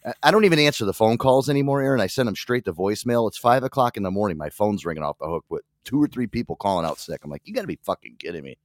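Man, podcast host, brash swearing rant, rapid delivery, dry close sound. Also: lowish voice, animated, no room sound. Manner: brash, swears a lot, rants. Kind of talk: casual chat.

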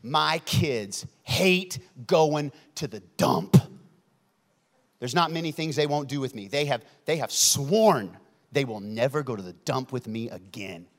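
A man preaching a sermon, swinging from loud emphatic lines to hushed ones. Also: medium pitch, expressive, measured pace. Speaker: pastor. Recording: long hall reverb.

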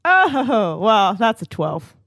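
A woman playing in a tabletop game, talking in a lively way and laughing easily. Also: on the high side, slow. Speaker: player. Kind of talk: casual tabletop play.

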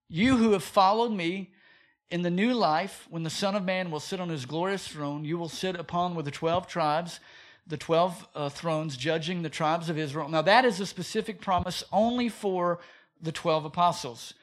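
A man preaching a sermon as pastor, animated and full of rhetorical questions. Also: sits high.

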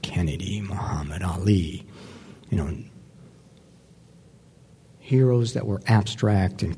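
A man giving a personal recovery testimony to an audience, speaking reflectively and pausing often with fillers. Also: on the low side, vocal fry, dark tone, breathy edge. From New York. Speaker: speaker sharing his recovery story. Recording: long hall reverb.

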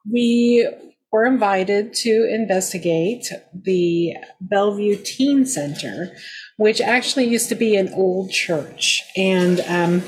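Woman, paranormal investigator, casual roundtable storyteller; raspy-edged voice, loose and chatty with lots of fillers. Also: mid-range voice, slow, a little mellow. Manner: rambling, many fillers, laughs often.

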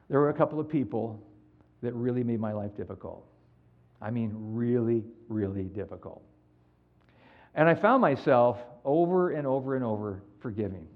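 A man preaching a sermon as pastor, animated and acting out the people in his stories. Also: medium pitch, highs cut off. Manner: animated storytelling, acts out quoted dialogue.

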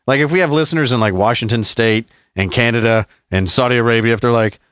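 A man from the American South telling profane, animated stories as a podcast co-host. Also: mid-range voice, fast, clean tone, dry recording, clean studio sound. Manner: profane storytelling, animated impressions. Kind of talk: casual chat.

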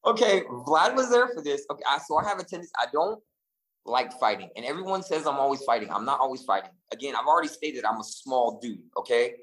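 A man co-hosting a casual chat, telling stories in an animated, profane and rambling way, full of restarts. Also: medium pitch, quick pace, poor audio. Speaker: podcast co-host.

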